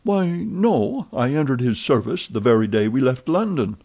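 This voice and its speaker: A man voicing an excitable, talkative young French manservant in an audiobook, eager and full of exclamations. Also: mid-range voice, normal speed, pitched above the performer's own voice. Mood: excited chatter.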